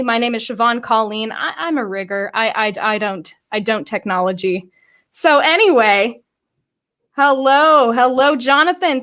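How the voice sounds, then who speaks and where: A woman hosting a live-streamed career interview, bubbly and excitable, often stumbling over her words. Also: on the high side. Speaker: host.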